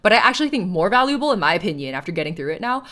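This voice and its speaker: Animated, laughing woman streamer. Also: mid-range voice, very fast. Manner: rambling, self-mocking, laughs often. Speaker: live streamer. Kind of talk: casual live-stream chat.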